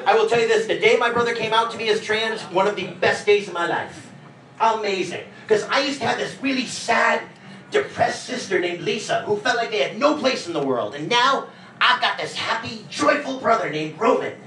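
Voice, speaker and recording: A man's voice: high-pitched, animated, normal speed, sharp tone, a little hiss or hum. A man of forty doing a stand-up comedy set, wry and self-mocking, often acting out the voices of people he quotes. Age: 40s. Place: comedy club stage before a laughing crowd. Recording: roomy club audio from a distance, crowd laughter.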